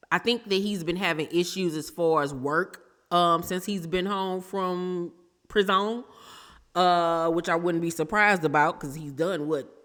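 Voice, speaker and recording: A woman's voice: fairly low pitch, a bit bright. Woman, reality show recap vlogger, sassy blunt commentary, reverberant room. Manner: sassy, blunt, throws shade. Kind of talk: casual opinionated commentary.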